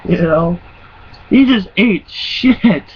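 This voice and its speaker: A man's voice: high-pitched, lively intonation, very slow, breathy edge. A man around twenty telling stories in a casual, rambling and profane way, often laughing. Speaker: vlogger. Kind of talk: casual storytelling. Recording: muffled lo-fi recording with faint hum.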